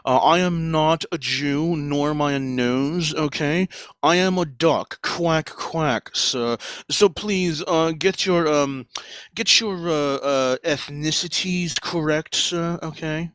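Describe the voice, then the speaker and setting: A man's voice: fairly high pitch, slow, a bit bright, clean tone, no echo, rough recording. A man voicing a pompous, smug rich duck tycoon in an improvised comedy bit. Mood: indignant. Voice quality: haughty, drawling upper-class put-on voice. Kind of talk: improvised comedy role-play.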